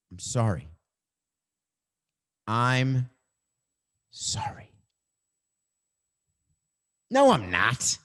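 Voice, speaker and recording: A middle-aged sports podcast host with a fairly low voice delivers an opinionated monologue. He's emphatic and wry, stretching out words for effect.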